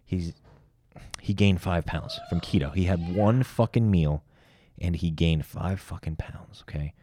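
A man's voice: low-pitched, measured pace, warm tone. A young man co-hosting a casual podcast, rambling and swearing a lot in loose, joking banter. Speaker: podcast co-host.

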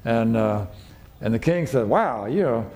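A man preaching in an easygoing, conversational way, retelling a story and voicing its people. His voice is mellow and warm, not bright, and sits in a middle register. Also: lively intonation, measured pace. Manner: conversational storytelling, acting out quotes with raised pitch. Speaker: pastor. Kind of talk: sermon.

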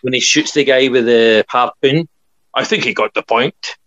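A man's voice: medium pitch, normal speed, dull audio, crowd noise. A Scottish man co-hosting a podcast, telling chatty stories and laughing often. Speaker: podcast co-host. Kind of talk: casual chat.

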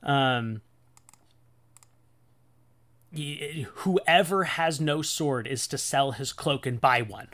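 Casual male Jesus, voiced by a man, slangy, relaxed, modern speech. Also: medium pitch, slow pace. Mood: explaining. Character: weary, plain-talking male Jesus, casually retold.

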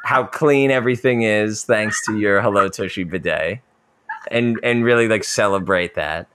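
A young man co-hosting a podcast, talking in a relaxed, joking way with lots of quick "yeah"s. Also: on the low side, background noise. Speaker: podcast co-host. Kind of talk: casual podcast chat.

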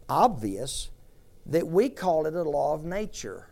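A man's voice: on the high side, big pitch swings, unhurried, gravelly, a little mellow. An older man preaching a sermon, leading the congregation in repeated call-and-response phrases. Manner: call-and-response, repetitive, emphatic. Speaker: pastor.

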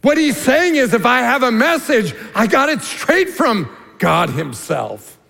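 A man preaching a sermon as lead pastor, earnest and emphatic, dropping to a hushed tone for key points. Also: extremely high pitch, sing-song, unhurried, creaky. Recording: long reverb of a large hall.

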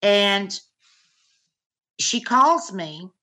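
A middle-aged woman, a mother, recounting a personal story as a podcast guest, halting and earnest with many fillers. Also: medium pitch, animated, pushed and bright. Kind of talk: personal account in podcast interview.

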